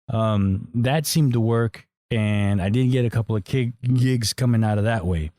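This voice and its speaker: A middle-aged man hosting a podcast, giving a blunt, profane, animated monologue. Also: lowish voice, moderate pace, few pauses, no room sound, studio quality. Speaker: podcast host. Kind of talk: casual opinionated monologue.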